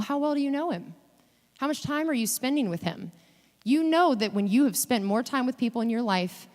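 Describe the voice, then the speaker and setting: A woman giving a guest sermon in a chatty, animated way, acting out quoted voices as she talks. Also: a little high. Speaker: guest preacher. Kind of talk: conversational sermon. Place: church sanctuary. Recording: long hall reverb in a church.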